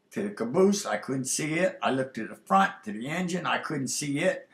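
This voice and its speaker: A man telling a personal story in a halting, earnest way, pausing often on fillers. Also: medium pitch, vocal fry, sharp tone. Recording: roomy echoey recording.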